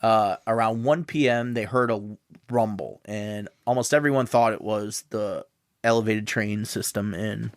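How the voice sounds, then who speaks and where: A man's voice: on the low side, fairly even intonation, unhurried, dry recording. A man from the American Midwest co-hosting a comedic history podcast, loose and casual, swearing and laughing often. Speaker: podcast co-host.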